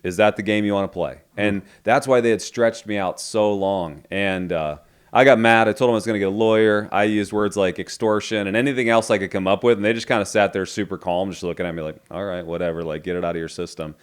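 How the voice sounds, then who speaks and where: A man's voice: fairly low pitch, brisk, clear, resonant tone. A middle-aged man, a podcast guest, candidly retelling a business story and acting out the dialogue. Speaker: entrepreneur guest.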